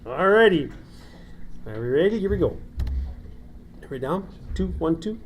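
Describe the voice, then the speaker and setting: A middle-aged quizmaster reading question codes in brisk calls and telling family stories between rounds. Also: medium pitch, very animated, slight background noise. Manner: brisk procedural calls, then chatty storytelling. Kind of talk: reading quiz prompts and chatting between rounds.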